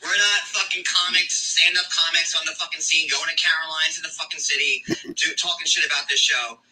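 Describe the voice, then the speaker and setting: Foul-mouthed man ranting, high bright voice. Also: steady tone, brisk, slight background noise. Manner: swears constantly, mocking, repeats himself for emphasis. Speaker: reality show commentator. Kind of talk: profane angry rant on a live stream. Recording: played-back clip from a distance.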